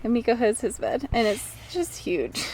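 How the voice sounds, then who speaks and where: Woman, late 20s, high voice, casual vlog chat, rambling, outdoors, clear background noise. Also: animated, measured pace, a little mellow, rough recording. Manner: chatty, rambling, giggly. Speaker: vlogger. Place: outdoors at a forest campsite.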